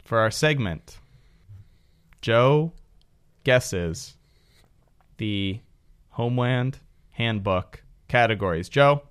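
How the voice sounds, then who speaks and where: A man's voice: mid-range voice, animated, very slow, pauses often, a bit bright, smooth. A man hosting a podcast, chatting jokingly and then reading facts aloud in long runs. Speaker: podcast host. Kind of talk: casual chat with read-aloud facts.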